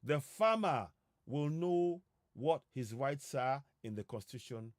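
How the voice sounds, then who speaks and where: A man with a Nigerian accent giving an earnest civic talk on a live stream, emphatic and pausing often with fillers. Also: mid-range voice, lively intonation, dry recording, studio quality. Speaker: civic educator. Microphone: streaming setup.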